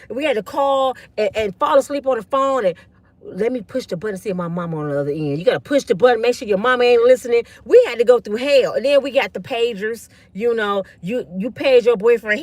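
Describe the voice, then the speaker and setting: A woman's voice: on the high side, darkish tone, dry recording. A woman in her fifties giving blunt, slangy, preachy commentary to her online viewers. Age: 50s. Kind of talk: casual ranting commentary.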